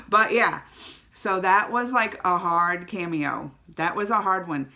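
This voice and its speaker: A woman giving a casual, emotional vlog movie review to the camera, chatty and quick to tear up or laugh. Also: fairly low pitch, creaky, bright, forceful tone.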